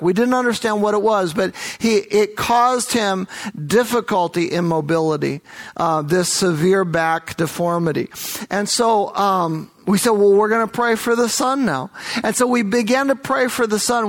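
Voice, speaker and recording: A middle-aged man telling a mission story in a sermon, building to excited exclamations as he tells it. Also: sits high. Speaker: missionary preacher.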